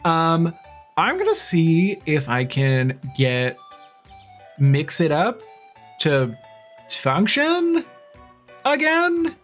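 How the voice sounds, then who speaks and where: A game streamer chatting to a live audience while reading dialogue aloud, expressive and talkative, with frequent gasps and laughs. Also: medium pitch, very slow, pauses often. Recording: faint game music underneath.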